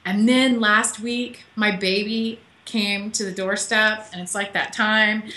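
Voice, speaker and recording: A woman's voice: medium pitch, fairly even intonation, slow pace, pushed and bright, echoey room. A woman author being interviewed over a call from her home office, chatty and emotional, laughing often. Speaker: author guest. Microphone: call audio.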